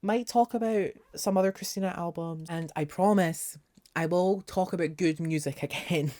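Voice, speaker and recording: A man's voice: high-pitched, moderate pace, darkish tone, dry recording, studio quality. A young man talking casually as a music reviewer, sarcastic and exasperated, with jokey asides. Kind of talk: casual album review vlog.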